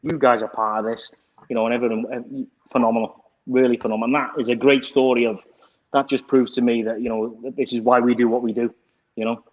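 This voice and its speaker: A man's voice: mid-range voice, little pitch movement, fast. Liverpool man on muffled lo-fi audio. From England. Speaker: livestream co-host. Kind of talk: casual chat.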